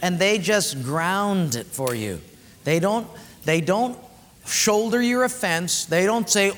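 A male pastor with a high, bright-pitched voice preaches in a church. He tells animated stories with playful sound effects. His voice carries a long, echoing reverb from the hall. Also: measured pace, slight background noise. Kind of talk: sermon.

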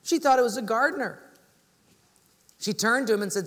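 A man's voice: very high-pitched, normal speed, pauses often, fairly bright tone, long reverb tail. A man preaching as a pastor, telling stories and acting out the voices of the people in them. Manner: storytelling, acts out voices of people in his stories. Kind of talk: sermon.

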